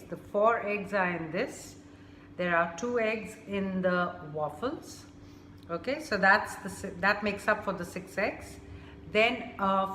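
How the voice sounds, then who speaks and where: Woman, casual cooking vlog, slow delivery, bright tone, echoey room with faint background hum. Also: mid-range voice. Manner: unhurried, thinks aloud with many fillers. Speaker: cooking vlogger.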